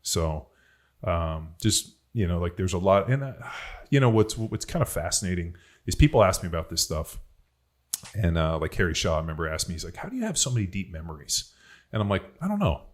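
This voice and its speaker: A man with a very low, deep voice hosts a podcast and tells personal stories in a relaxed, rambling way. His talk is loose and profane, full of "like" and "you know". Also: brisk. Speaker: podcast host. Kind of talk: casual podcast conversation.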